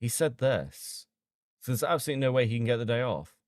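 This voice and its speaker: A man streaming casually as he reads out chat logs and reacts with sudden loud disbelief and swearing. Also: mid-range voice, lively intonation, fast, no room sound, clean studio sound.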